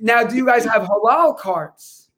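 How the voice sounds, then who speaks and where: A man's voice: very high-pitched, expressive, a little slow, fairly bright tone, slightly rough. Joking, self-deprecating man. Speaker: guest. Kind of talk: casual chat.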